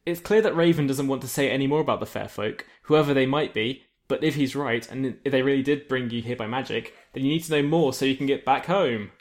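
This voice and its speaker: A man's voice: medium pitch, a little fast, hardly any pauses. A man hosting a podcast who reads an adventure gamebook aloud and chats between passages. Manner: chatty, laughs easily. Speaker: host reading a gamebook. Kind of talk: casual podcast narration.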